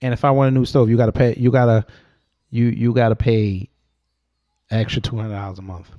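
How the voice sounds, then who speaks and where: Animated young man telling a story. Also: mid-range voice, fairly quick, dull audio. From New York. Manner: animated, slangy, talks back to chat. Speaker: host. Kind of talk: casual storytelling to a livestream chat.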